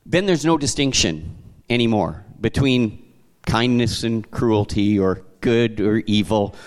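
A man from Canada preaching to a congregation, telling stories in a conversational, animated way with frequent restarts. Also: on the low side, a little slow. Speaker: pastor. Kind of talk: sermon.

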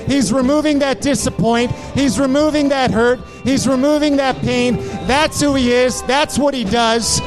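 A male pastor preaching with fervent, repeated exhortations during a church service. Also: very high-pitched. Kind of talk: sermon.

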